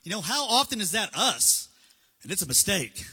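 Male preacher, high bright husky voice, chatty sermon, reverberant hall. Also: big pitch swings, moderate pace. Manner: casual, conversational, acts out dialogue. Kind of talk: sermon with slides.

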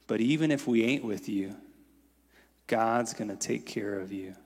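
A man voicing a wise, caring woman of about eighty, who speaks in a slow, low, gentle dialect. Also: expressive, big-room sound.

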